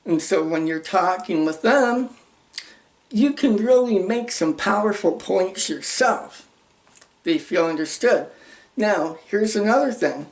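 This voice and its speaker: Slow, emphatic self-help teacher man. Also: a little high. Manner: emphatic, acts out example dialogue. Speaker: channel host teaching social skills. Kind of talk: motivational self-help lesson.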